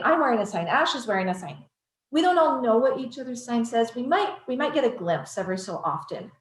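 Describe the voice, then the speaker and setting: Earnest woman telling a story, roomy sound. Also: fairly high pitch. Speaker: child advocacy trainer. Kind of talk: storytelling presentation. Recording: roomy echo.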